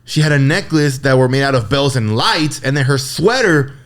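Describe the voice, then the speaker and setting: A young man co-hosting a podcast, telling profane, animated work stories in casual chat. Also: medium pitch, moderate pace. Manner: profane, animated, mimics customers. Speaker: podcast co-host. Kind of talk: casual storytelling.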